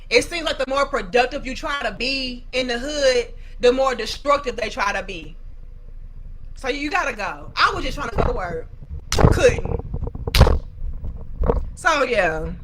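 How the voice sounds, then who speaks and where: A woman's voice: on the high side, sharp tone, slight background noise, rough recording. A young woman host giving casual, profane commentary on viewer comments and telling dramatic stories.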